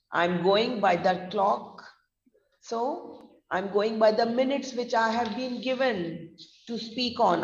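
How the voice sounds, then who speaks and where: Indian English woman teacher, gravelly edge, distant echoey lo-fi room sound. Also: medium pitch, slight background noise. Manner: slow deliberate spelling-out, mixing Hindi. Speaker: pronunciation trainer. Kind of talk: online vocabulary lesson.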